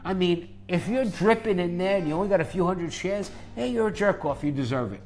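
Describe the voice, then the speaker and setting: A man hosting his own investing channel, swinging from calm explanation into a profane, combative rant while his voice is going hoarse. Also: high voice, fairly quick, faint music behind. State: losing his voice. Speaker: investing YouTuber. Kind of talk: angry ranting monologue.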